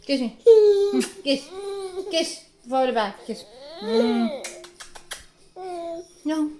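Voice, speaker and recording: A woman's voice: high voice, big pitch swings, extremely slow, dark tone. A young woman filming her baby at home, coaxing him in a sing-song voice. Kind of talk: home video baby talk.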